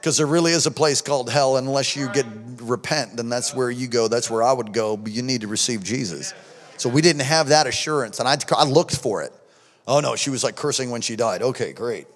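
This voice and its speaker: A middle-aged male pastor preaching a sermon, telling stories emphatically and swinging from hushed tones to shouts. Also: mid-range voice, a little fast. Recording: long hall reverb.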